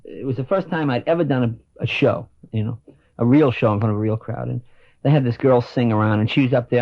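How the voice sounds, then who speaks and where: A man in his thirties tells stories on a radio talk show with a lively, sweeping pitch and laughter in his words. The sound is dry and a little dull. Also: fast talker, no echo. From United States. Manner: animated storyteller, laughs through his words. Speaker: comedian guest. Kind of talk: casual radio chat.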